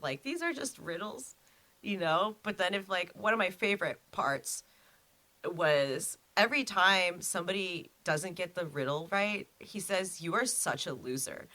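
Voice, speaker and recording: A woman's voice: lowish voice, animated, normal speed, pushed and bright. A woman co-hosting a casual podcast, talking with lots of "like" and "you know" and laughing. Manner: many "like" and "you know" fillers, giggly. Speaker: podcast co-host.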